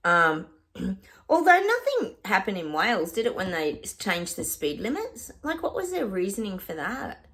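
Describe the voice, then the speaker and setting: A woman's voice: medium pitch, wildly swooping pitch, moderate pace, a bit bright. A woman with an Australian accent, a psychic chatting casually to camera in a rambling way, often stopping to laugh.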